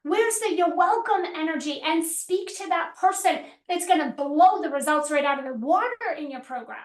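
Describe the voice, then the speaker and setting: Emphatic high-voiced woman coach. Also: animated, moderate pace. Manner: emphatic, repetitive, acts out quoted pleading. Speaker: business coach. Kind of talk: live workshop teaching. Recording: roomy echo.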